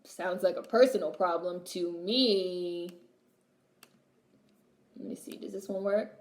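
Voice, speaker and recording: A woman's voice: lowish voice, slow, reverberant. A young adult woman hosting a livestream, reading chat and chatting casually in a blunt, sassy way, swearing freely and repeating her punchlines.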